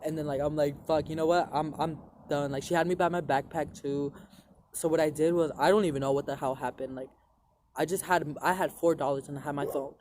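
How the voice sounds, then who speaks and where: A young man with a slightly raised voice tells a long personal story straight to his viewers. He rambles and swears, with "like" in nearly every sentence. Steady noise runs behind him. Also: a little high, brisk. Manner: rambling, profane, lots of "like" fillers. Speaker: vlogger. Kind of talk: casual storytelling to camera.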